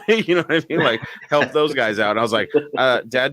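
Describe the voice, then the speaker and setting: A man co-hosting a live podcast, telling a story in an animated, profane way and chuckling between phrases. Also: medium pitch, normal speed, no room sound. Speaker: podcast co-host.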